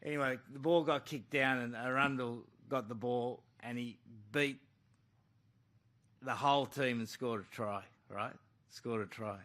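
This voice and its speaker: Blunt rugby coach at a press conference. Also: male voice, mid-range voice, fairly even intonation, a little slow, fairly bright tone. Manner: blunt, calls the questioner mate.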